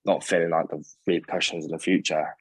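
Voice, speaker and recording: A young man telling his story as a podcast guest, halting and full of restarts, blunt and sometimes swearing. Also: a bass voice, level tone, breathy edge, no echo. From England. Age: young adult. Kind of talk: candid personal storytelling.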